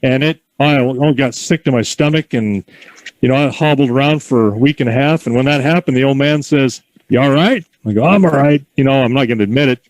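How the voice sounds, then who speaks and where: A man giving calm, encouraging instructions in an outdoor horse corral, mixing in folksy stories. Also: mid-range voice, a little fast, rough recording. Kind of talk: outdoor coaching with anecdotes.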